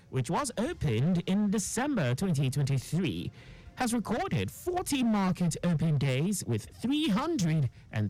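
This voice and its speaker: A newsreader, reading a radio news bulletin in a formal, measured way. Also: medium pitch, low-quality recording. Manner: formal, measured read with lively intonation.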